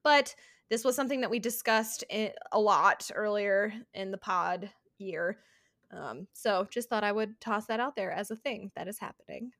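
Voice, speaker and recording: A woman co-hosting a casual sports podcast, animated and laughing often. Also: medium pitch, moderate pace, no echo, clean studio sound. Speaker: podcast co-host.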